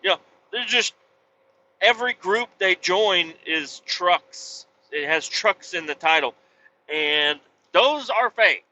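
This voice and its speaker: Bright-voiced trucker swearing freely while driving. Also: male voice, high-pitched, expressive, slow pace. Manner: blunt, rambling, swears freely. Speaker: trucker vlogger. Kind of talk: casual chat while driving. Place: truck cab on the highway. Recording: dull lo-fi audio with faint road noise.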